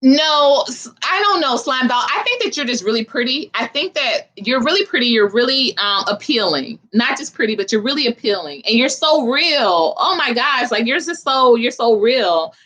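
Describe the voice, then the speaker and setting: A woman's voice: on the high side, expressive, normal speed, few pauses, a bit bright. A young woman from Philadelphia hosting a casual livestream, chatting loosely with viewers in a slangy, direct way. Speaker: livestream host.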